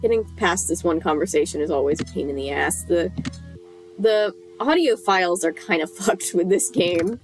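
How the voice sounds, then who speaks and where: A woman's voice: fairly low pitch, normal speed, faint music behind, rough recording. A young adult woman casually commenting on a game stream and chatting with viewers. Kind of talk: casual let's-play commentary.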